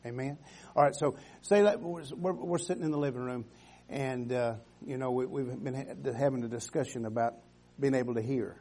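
Husky, fervent male preacher. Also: mid-range voice, normal speed. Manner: fervent, rising to loud exhortations, dropping to soft tones. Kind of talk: sermon.

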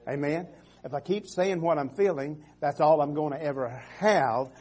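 A man's voice: fairly high pitch, moderate pace, a little mellow, husky. A man preaching a sermon as pastor, calling out "Amen" and "come on" and often restarting his phrases. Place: church sanctuary.

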